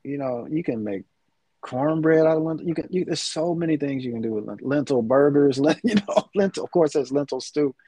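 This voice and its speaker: A man's voice: on the high side, expressive, a little fast, mellow, husky, no echo. A middle-aged man in a casual chat, talking with rambling enthusiasm. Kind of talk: casual chat about food.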